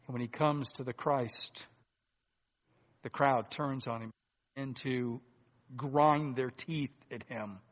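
A man preaching a sermon in a deliberate, earnest way, swinging between loud emphasis and hushed asides. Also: medium pitch. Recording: long hall reverb.

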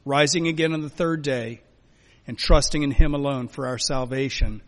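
A man preaching a sermon as a pastor, emphatic, swinging between loud urging and quiet, soft lines. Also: medium pitch, fairly even intonation, normal speed. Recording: long hall reverb.

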